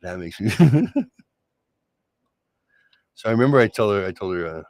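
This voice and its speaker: A deep-voiced man talks straight into the mic in a dry, dead room, spinning a loose personal story. His delivery is sarcastic and conversational, full of restarts and asides. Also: sing-song, normal speed, a little mellow, no echo. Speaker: solo show host. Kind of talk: casual monologue.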